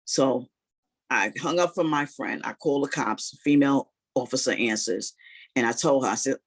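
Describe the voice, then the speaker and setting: A man recounts a personal story in a loose, animated way, peppering it with "you know" and "like". His voice is a little husky and sits at an ordinary middle pitch. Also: normal speed. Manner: animated retelling, heavy use of "you know" and "like".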